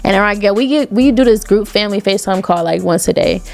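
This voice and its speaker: Young woman telling lively family stories. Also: medium pitch, quick pace, vocal fry. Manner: animated, quotes family members in dialogue. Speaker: interview guest. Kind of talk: casual storytelling.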